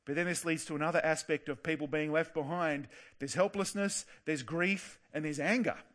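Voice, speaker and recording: A man with a fairly high voice preaching a sermon in an earnest tone. He slows right down on the words he wants to stress. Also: fairly even intonation, a bit bright.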